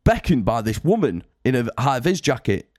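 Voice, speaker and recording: Dude telling a tour story, loads of swearing, voice jumps all over, dead dry sound. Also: male voice, mid-range voice, moderate pace, no echo. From United Kingdom. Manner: animated, sweary, rambling. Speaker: touring band musician telling a story. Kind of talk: casual podcast storytelling.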